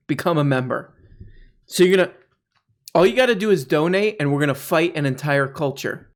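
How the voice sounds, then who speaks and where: A man hosting satirical commentary on video clips. He rambles sarcastically and now and then breaks into shrill mock outbursts. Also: lively intonation, brisk. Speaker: comedy commentary host.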